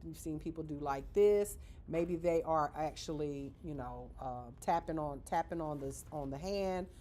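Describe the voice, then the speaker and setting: A woman's voice: deep voice, unhurried, warm tone, slight background noise. A woman teaching a live beginner manicuring class, chatty and casual, checking in with "okay?" after nearly every point while she demonstrates with her hands. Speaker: nail school instructor.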